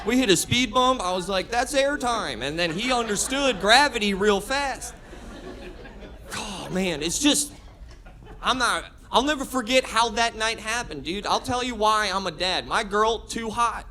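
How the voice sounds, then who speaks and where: A man in his thirties doing a stand-up comedy set, brash and building into shouted rants. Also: sits high, animated, unhurried. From Florida. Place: comedy club stage with audience laughter.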